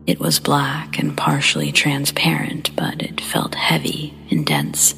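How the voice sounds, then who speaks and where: Female horror host, whispered narration, breathy and gravelly, slow and measured, faint music bed. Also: very deep voice, sing-song. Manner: hushed, slow and measured storytelling.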